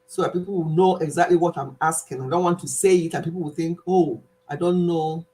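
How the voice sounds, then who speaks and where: A woman's voice: fairly low pitch, fast talker, dark tone. A woman, hosting a casual live stream quiz and playfully scolding a viewer in a chatty way. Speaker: livestream host.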